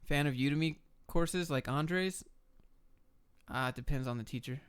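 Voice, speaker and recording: A young man answering viewer chat questions on a live stream, giving quick, blunt, offhand answers. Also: fairly high pitch, clean tone, dry recording. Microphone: camera and desk mic.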